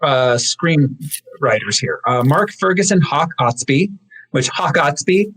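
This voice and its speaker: A man's voice: on the high side, animated, takes it slowly, a bit bright, rough recording. A man co-hosting a film podcast, chatting casually as he goes through credits with fillers and small laughs. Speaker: podcast co-host.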